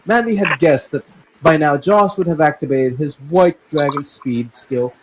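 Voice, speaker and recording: A man's voice: fairly high pitch, moderate pace, background noise. Young man reading aloud with laughing asides. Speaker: host and narrator. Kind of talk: casual story reading aloud.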